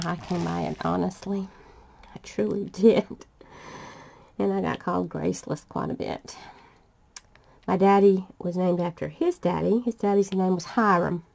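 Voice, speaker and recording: A woman's voice: medium pitch, gravelly. An older woman, chatting casually and laughing often as she tells family stories while crafting. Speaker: vlogger.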